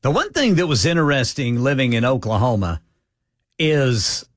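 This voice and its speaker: A man co-hosting a talk radio show, telling relaxed anecdotes in a halting, casual way. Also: mid-range voice, dry recording. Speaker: radio co-host.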